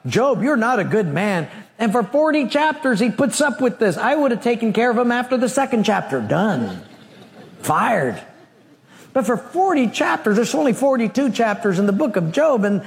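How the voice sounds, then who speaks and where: A man preaching a sermon, telling a Bible story in an animated way with humorous asides. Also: very high voice, moderate pace, creaky, big-room sound. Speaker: pastor.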